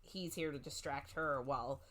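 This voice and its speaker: A woman's voice: low-pitched, moderate pace, a bit bright. A woman co-hosting a casual book podcast, retelling the plot in a rambling way full of "like" and "um". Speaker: podcast co-host.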